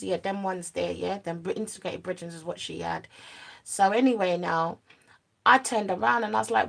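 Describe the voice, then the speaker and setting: A young woman telling a personal story to camera, in an animated, slang-heavy way that goes quiet at the serious parts. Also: mid-range voice, moderate pace, creaky. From United Kingdom. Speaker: vlogger. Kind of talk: storytime monologue.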